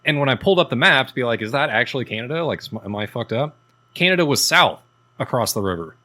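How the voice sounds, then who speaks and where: A man's voice: mid-range voice, expressive, quick pace, bright, forceful tone. A man co-hosting a podcast, telling rambling, profane stories in casual chat. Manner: profane, rambling storytelling with laughs. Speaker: podcast co-host.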